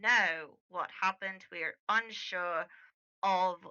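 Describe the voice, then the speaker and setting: A woman voicing a cautious male hospital doctor in a tabletop game, who speaks in a hushed, grave way. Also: lowish voice, slow pace, smooth, highs cut off.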